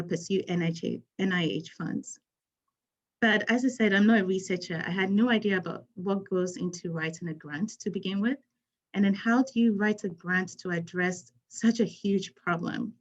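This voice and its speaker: A woman's voice: mid-range voice, normal speed, dull audio. A woman from Ghana, a physician speaking on a panel, telling her story in an earnest, emphatic way. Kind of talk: panel talk.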